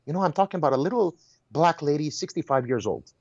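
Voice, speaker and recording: A man's voice: on the high side, fast, dry recording, highs cut off. A man talking as a guest in a heated casual conversation, telling stories emphatically and restarting his words often. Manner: animated storyteller, repeats and restarts words, exclaims.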